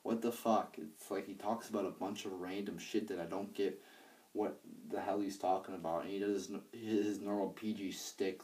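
A man's voice: deep voice, steady tone, moderate pace, a little mellow, distant mic. A young man casually reviewing a wrestling show, rambling and profane, with lots of fillers and restarts. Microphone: handheld iPad.

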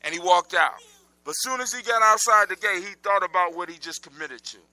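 A man's voice: sits high, brisk, no echo. A man telling a folk story live, talking straight to his listeners. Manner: animated, addresses listeners directly.

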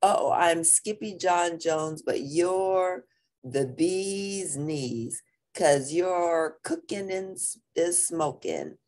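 A woman's voice: fairly low pitch, extremely slow, a little mellow. A woman voicing a proud little Siamese kitten boy who thinks he is a Chihuahua, in a bouncy storybook voice.

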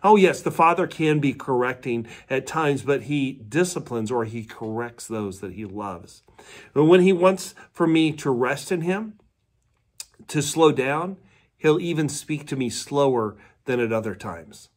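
A man's voice: medium pitch, lively intonation, a little slow. A man, a pastor, giving a midweek devotional sermon in a conversational storytelling way and asking his listeners questions.

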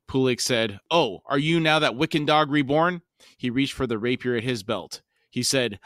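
A man's voice: mid-range voice, moderate pace, a bit bright, no room sound, studio quality. A man co-hosting a book podcast, reading passages aloud with light character inflection and adding commentary.

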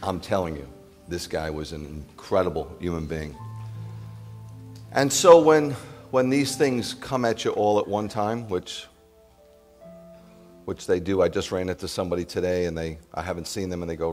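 A man's voice: sits low, steady tone, moderate pace, darkish tone, big-room sound, faint music behind. A man preaching a sermon to his congregation as their rabbi, speaking conversationally and pressing listeners with emphatic repeated questions.

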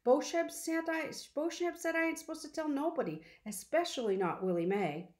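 A woman reading aloud, voicing a shy, quiet boy who talks hesitantly in plain dialect. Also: high voice, normal speed, pitched above the performer's own voice, natural voice. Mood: anxious. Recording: roomy echo.

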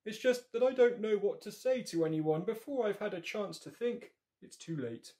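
A man's voice: high voice, animated, moderate pace, dark tone, voice pushed up. A man voicing a shy, curious bear in a storybook reading, muttering hesitantly. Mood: sheepish.

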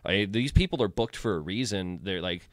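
A man who does stand-up comedy, chatting casually on a podcast and telling blunt, profane stories with lively quoted voices. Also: sits low, normal speed, no echo, clean studio sound. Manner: blunt, profane, animated storytelling. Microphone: close desk mic.

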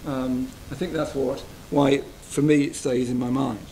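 A man giving a gentle, reflective Buddhist retreat talk, often checking in with his listeners. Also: mid-range voice, little pitch movement, measured pace, a little hiss or hum, rough recording. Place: retreat hall.

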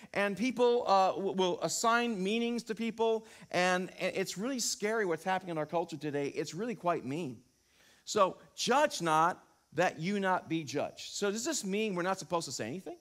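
Middle-aged male pastor, high tenor voice, lively sermon delivery, punches key lines. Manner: animated, rising to emphatic peaks, rhetorical questions. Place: church sanctuary.

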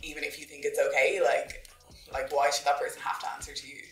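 A woman's voice: sits low, flat delivery, quick pace. A young woman with an Irish accent, speaking earnestly and emphatically in a casual group discussion. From Ireland. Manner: earnest, emphatic, weary of the questions. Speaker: panel guest. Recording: distant roomy sound with faint music.

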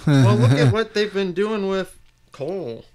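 A man co-hosting a wrestling podcast in casual chat, chiming in with measured details. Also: high voice, animated, darkish tone. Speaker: podcast co-host.

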